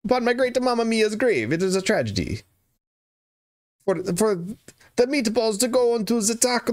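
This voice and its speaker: A man's voice: high voice, darkish tone, pitched above the performer's own voice. A man voicing an indignant, food-proud Italian man with a put-on Italian accent, scolding theatrically.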